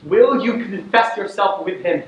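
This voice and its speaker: A teenage actor on a school stage playing a stern male judge who questions in a measured, commanding way. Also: sits high, lively intonation, slight background noise. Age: late teens. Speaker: student actor. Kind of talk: stage acting in a school play. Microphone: distant camera in the audience. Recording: echoey hall from far off.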